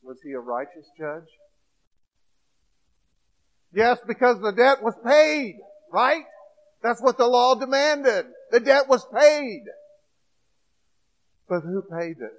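A man preaching a sermon, swinging between hushed storytelling and loud, emphatic points. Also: extremely high pitch, lively intonation, takes it slowly, long pauses, rough recording.

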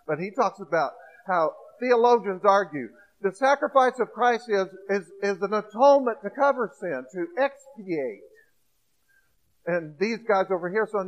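A man preaching a sermon, swinging between hushed storytelling and loud, emphatic points. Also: high voice, muffled recording.

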